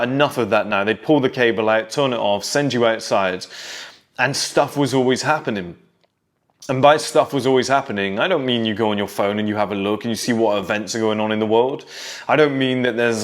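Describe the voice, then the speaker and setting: A man in his thirties talking straight to young men, telling nostalgic stories from his childhood in a casual monologue. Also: mid-range voice. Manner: storytelling, nostalgic, direct address to young men. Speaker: self-improvement creator.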